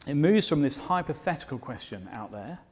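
A man's voice: fairly high pitch, animated, a little fast, husky. A man preaching a sermon, earnest and fervent, asking the listeners rhetorical questions. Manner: earnest, rising to fervent declarations.

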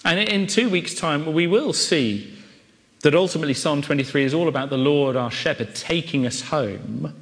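A man preaching a sermon, building drama with repeated rhetorical questions and pauses. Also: a little high, fairly bright tone, in a large hall.

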